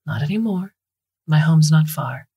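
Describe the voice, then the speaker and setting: A woman voicing a tall, calm woman from a lost people, speaking in a cool, deadpan, unhurried way. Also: deep voice, gravelly, husky, exaggerated voice.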